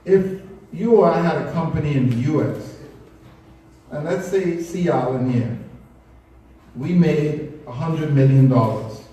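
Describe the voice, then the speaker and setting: Man, persuasive speaker, mellow slightly high voice, distant mic in a very echoey hall. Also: measured pace, long pauses. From Bahamas. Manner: earnest, persuasive, speaks of a spiritual perspective. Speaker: speaker at a public talk. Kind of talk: public talk with slides. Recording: echoey room recorded from afar.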